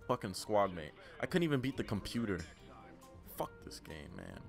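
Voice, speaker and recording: A man's voice: low voice, sing-song, normal speed, vocal fry, soft background music. A young man giving profane, ranting gameplay commentary as a gaming channel host. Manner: profane, ranting, trash-talking.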